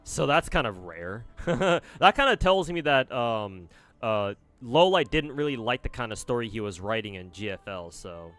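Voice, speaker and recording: A man's voice: medium pitch, sing-song, normal speed, fairly bright tone, dry recording, faint music behind. A young man streaming games, rambling casually, swearing and answering chat messages. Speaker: gacha game streamer.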